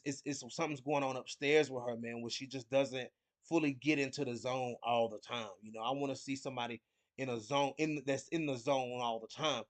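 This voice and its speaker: A man hosting a casual fight preview, rambling and repeating words with lots of fillers. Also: mid-range voice. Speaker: host of a fight picks show.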